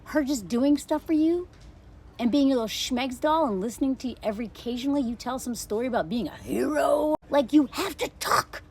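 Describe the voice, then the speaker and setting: A woman's voice: high voice, expressive, a little fast, darkish tone. A woman in her thirties giving casual, blunt and sarcastic commentary on a dating show. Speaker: social media commentator.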